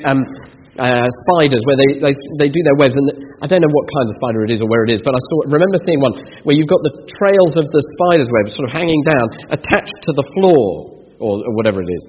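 Guy preaching a sermon, lively up and down voice, earnest, long echo, dull lo-fi sound. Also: mid-range voice, brisk, a little hiss or hum. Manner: earnest, rising emphasis and rhetorical questions. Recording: dull lo-fi sound in a reverberant hall.

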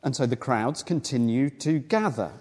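A man's voice: mid-range voice, lively intonation, normal speed, a little mellow, husky, big-room sound. A man preaching a sermon, explaining a Bible passage in a conversational way with rhetorical questions to the congregation.

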